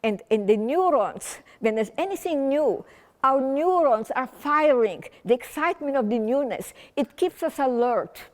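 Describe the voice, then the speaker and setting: A woman's voice: high voice, animated, unhurried, a little mellow, big-room sound. An older woman from Transylvania giving a chatty, whimsical public talk to a community audience, rambling with restarts. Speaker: guest speaker. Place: large community hall.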